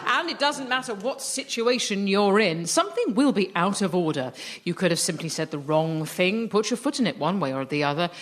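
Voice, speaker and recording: A woman's voice: mid-range voice, expressive, a little fast, few pauses. A woman on a radio comedy panel game, bantering playfully and teasing the others. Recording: live studio audience laughter and noise.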